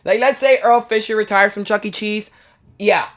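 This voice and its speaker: A young streamer chatting casually and rapidly with their chat between impressions. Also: medium pitch, fairly even intonation, fairly bright tone.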